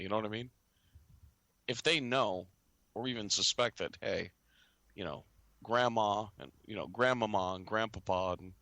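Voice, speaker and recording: A man with a somewhat low, bright, forceful voice talks in a loose, rambling way, jumping between points and often trailing off. He sounds close and dry, like a casual talk-show host. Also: no room sound. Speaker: podcast host.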